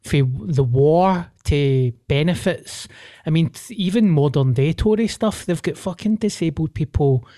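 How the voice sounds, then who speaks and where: A man's voice: a little high, unhurried, dark tone. A man with a Scottish accent, co-hosting a podcast in casual chat, blunt and swearing freely. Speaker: podcast co-host.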